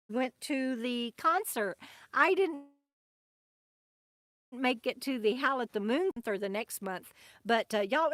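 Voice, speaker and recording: A woman's voice: high-pitched, pushed and bright. A woman hosting a casual live stream from her RV, chatting and laughing as she reads out viewer comments. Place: RV camp in the desert.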